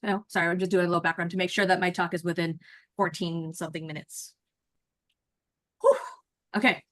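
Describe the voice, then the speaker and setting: A woman in her forties, a nurse coach, chatting in an animated way straight to her listeners on a video call before rehearsing a speech. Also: fairly low pitch, brisk. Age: 40s. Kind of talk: casual chat, then rehearsing a speech.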